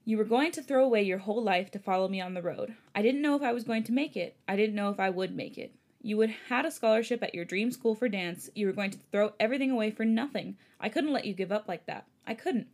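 A woman reading the lines of a remorseful young man who begs forgiveness in a fan story, quiet and subdued. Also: mid-range voice, quick pace, natural voice.

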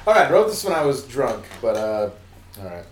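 A man's voice: mid-range voice, very animated, fairly quick. A man in a casual group chat, reading his own messages aloud with embarrassed, self-deprecating laughter. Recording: echoey room with background noise.

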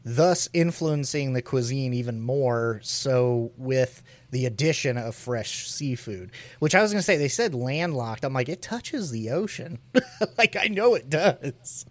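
Lively-voiced man in easygoing banter. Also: medium pitch, measured pace, no room sound. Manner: jokey, laughs often, playful asides. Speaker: podcast co-host. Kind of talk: casual chat, reading articles aloud.

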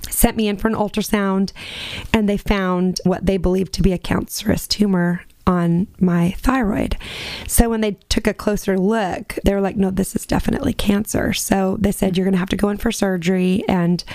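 A woman's voice: mid-range voice, fairly even intonation, moderate pace, darkish tone, dry recording. A woman in her forties, a singer, telling a personal faith story as an interview guest, acting out what people said with laughs. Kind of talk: personal testimony in a podcast interview. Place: lives in Nashville.

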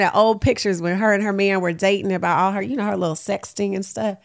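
A woman's voice: medium pitch, steady tone, fast talker, vocal fry, hardly any pauses. A woman in her late thirties hosting a casual solo podcast, candid and uplifting, laughing often, with African American Vernacular English. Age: late 30s. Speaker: podcast host.

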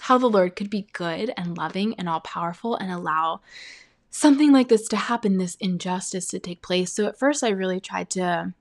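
A young woman recounts her personal testimony of faith, speaking earnestly and haltingly, with frequent pauses and "like". Her voice sits at a middling pitch with a noticeable gravelly fry in it.

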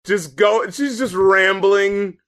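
A man co-hosting a podcast, chatting casually and swearing through animated, incredulous rants about an album. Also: sits high, slow pace. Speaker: podcast co-host reviewing albums. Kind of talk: casual chat.

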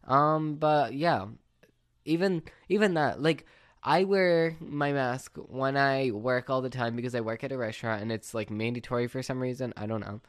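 A man's voice: medium pitch, moderate pace, no room sound. Exasperated young man ranting, dry sound. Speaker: podcast host. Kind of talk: casual podcast monologue.

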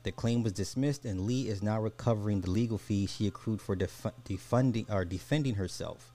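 A man's voice: on the low side, a little fast, dark tone, soft background music. A man hosting a podcast of casual social commentary, blunt and slangy, swearing freely as he gives his opinions. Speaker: podcast host.

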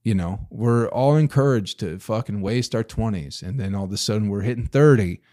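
A man's voice: on the low side, moderate pace, mellow. A man in his thirties hosting a solo podcast, rambling through a story and ranting with profanity, rhetorical questions and sudden bursts of emphasis. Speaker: podcast host. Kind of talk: casual solo podcast rant.

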